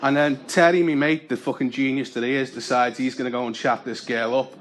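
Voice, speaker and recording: A young man doing a stand-up comedy set, deadpan, breaking into loud character voices. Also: mid-range voice, fairly quick. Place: comedy club with audience laughter. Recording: live gig with audible noise.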